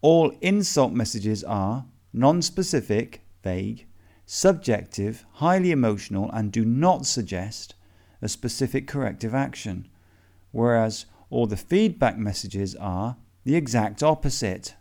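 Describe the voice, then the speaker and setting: A man reading a self-help lesson aloud in a measured, methodical question-and-answer way. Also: medium pitch, animated, a little mellow.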